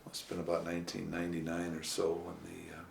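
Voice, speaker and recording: Brief: low-voiced male interviewee, rambling storyteller, roomy echo, light hiss. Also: monotone, creaky. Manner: rambling, with many "uh" pauses. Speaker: interviewee, former city official. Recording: echoey room, faint hiss.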